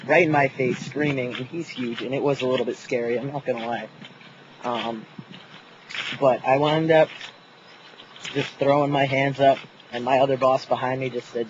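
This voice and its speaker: A man's voice: mid-range voice, fairly even intonation, normal speed, highs cut off, background noise. A young man telling a story outdoors in a casual, profane vlog, laughing often. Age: young adult. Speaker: vlogger.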